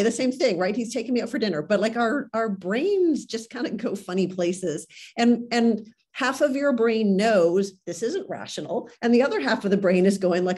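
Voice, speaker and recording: A woman's voice: on the high side, animated, moderate pace, few pauses, a little mellow. A woman doctor interviewed as a guest on a podcast, speaking earnestly and conversationally. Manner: earnest, conversational, fond of "like" and "right".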